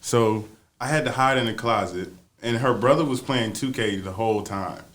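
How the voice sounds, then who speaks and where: A man's voice: medium pitch, moderate pace, fairly bright tone. A young man on a podcast casually telling a profane, playful story, laughing as he goes.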